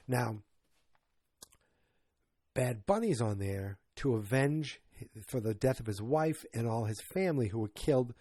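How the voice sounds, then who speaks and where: A man's voice: on the low side, warm tone, husky, no echo, studio quality. A man hosting a solo movie podcast, talking casually and rambling with many restarts and asides. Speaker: podcast host.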